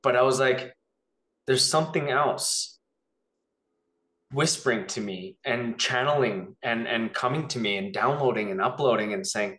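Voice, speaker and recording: Man, interview guest, rambling personal story, animated, acts out quotes, echoey room. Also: medium pitch, measured pace.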